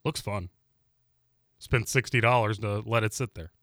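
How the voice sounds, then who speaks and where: A man's voice: lowish voice, moderate pace, fairly bright tone, dry recording. A man co-hosting a sports radio show in a studio, chiming in with brief, easygoing replies. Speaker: radio co-host. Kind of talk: casual sports radio banter.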